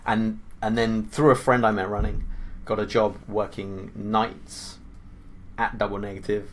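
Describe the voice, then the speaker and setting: Low-voiced man, dry humour. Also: unhurried. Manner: dry teasing humour, relaxed storytelling with fillers. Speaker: podcast guest, visual effects supervisor. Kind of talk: casual interview chat. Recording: faint background noise.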